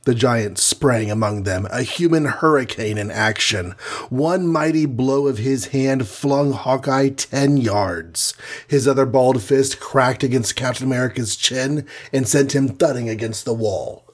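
A man with a husky, mid-pitched voice narrating an action storybook. His reading is vivid and dramatic, leaning into each scene. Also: measured pace.

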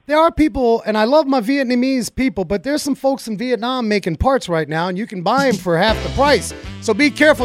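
A car talk radio host speaks from a studio mic straight to his listeners, chatting in a folksy, excitable way. His voice is very high-pitched, a little fast with few pauses, and soft music plays in the background.

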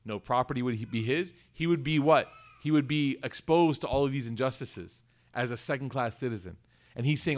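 A man's voice: mid-range voice, moderate pace. A man giving a conversational religious lecture, acting out quotes and asking the audience questions. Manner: conversational, acts out quoted voices, asks the audience. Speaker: Islamic teacher. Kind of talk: lecture on scripture.

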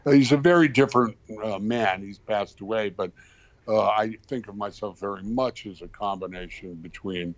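A male actor, a guest on a podcast, giving measured, reflective answers about himself. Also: lowish voice, dry recording, dull audio. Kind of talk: casual interview.

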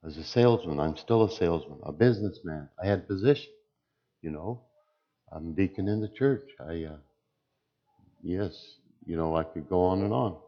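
A man who is a church deacon giving a personal testimony, speaking slowly and deliberately. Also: deep voice, expressive, highs cut off. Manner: slow, deliberate speech.

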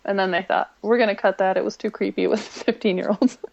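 A woman co-hosts a podcast, retelling a TV episode in a chatty, rambling way and popping her voice up to quote the characters. Her mid-height voice has a gravelly, fry-laced edge. The sound is dry and a little dull, like a home podcast mic. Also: mid-range voice, steady tone, fairly quick, no echo. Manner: chatty retelling with many ums, quoting lines in a brighter voice. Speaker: podcast co-host. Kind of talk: casual recap of a TV episode.

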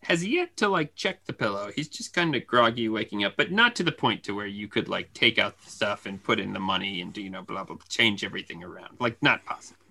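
Bright-voiced man telling a laughing story. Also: on the low side, fast talker, gravelly. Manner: animated, laughing often, acts out family voices. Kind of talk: casual storytelling chat.

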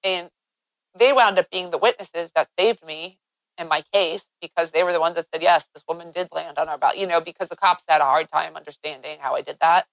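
A woman's voice: on the low side, brisk, a bit bright, no room sound, poor audio. Earnest woman telling her story, dry sound. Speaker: interview guest. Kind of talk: personal storytelling in an interview.

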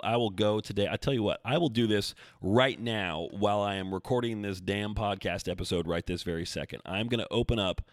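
A man hosting his own podcast as a coach, talking casually and thinking out loud, with self-deprecating asides. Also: fairly low pitch, dry recording, studio quality. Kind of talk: casual solo podcast talk. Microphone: desk mic, seated.

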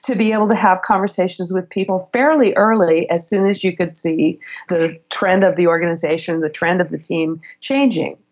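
A middle-aged woman, a guest in an interview, telling work stories in an animated way and laughing as she goes. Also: on the low side, highs cut off. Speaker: guest, former HR executive. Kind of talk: conversational interview storytelling.

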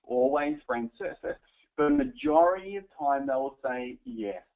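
A man teaching a live audience how to close sales, coaching them directly with an animated manner. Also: mid-range voice, measured pace. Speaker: sales trainer. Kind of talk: live sales training talk. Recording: tinny phone-like recording. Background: audience present.

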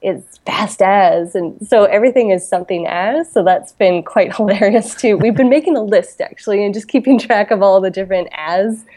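A woman's voice: mid-range voice, brisk, few pauses, mellow. A Canadian woman chatting as an interview guest, laughing often and full of fillers and restarts. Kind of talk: casual interview chat.

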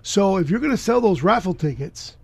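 A man from Miami, a guest telling a personal story with emphatic bursts of loud excitement. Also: sits high, a little fast, slightly rough, dry recording.

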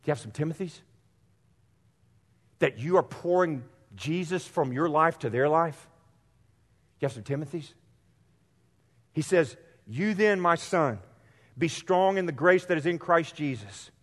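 A man's voice: fairly high pitch, animated, measured pace, long pauses. Earnest male pastor preaching in a reverberant hall. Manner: earnest, addresses congregation directly, repeats phrases for emphasis. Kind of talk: sermon. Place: church sanctuary.

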